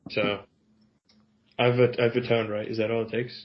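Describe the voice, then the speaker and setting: A man co-hosting a podcast in casual chat, animated, self-mocking and jokey. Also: medium pitch, moderate pace, highs cut off. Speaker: podcast co-host.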